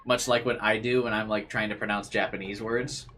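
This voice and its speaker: Casual streamer, low-ish male voice, amused commentary over game audio. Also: little pitch movement, brisk, pushed and bright, slight background noise. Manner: chatty, amused, reads game text aloud. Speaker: streamer reading a visual novel.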